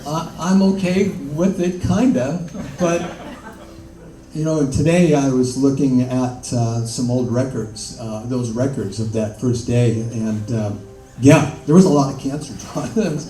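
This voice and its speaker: An older man, an interview guest, telling his story in a halting way with many fillers and laughs. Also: mid-range voice, mellow. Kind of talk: conversational storytelling. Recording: echoey room, mic far off, faint noise.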